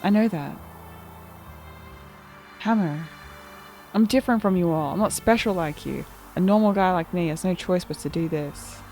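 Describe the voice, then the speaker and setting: A woman's voice: on the low side, moderate pace, pauses often, darkish tone, faint music behind, lightly acted. A woman reading an anxious young handyman. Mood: pleading. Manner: pleading, apologetic. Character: nervous young male handyman betraying friends. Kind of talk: reading game dialogue aloud.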